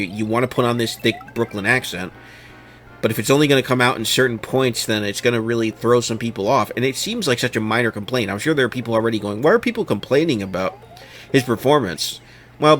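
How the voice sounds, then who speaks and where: A man hosting a casual commentary show, giving opinionated, animated takes and mocking other people in quoted voices. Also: medium pitch, a little hiss or hum.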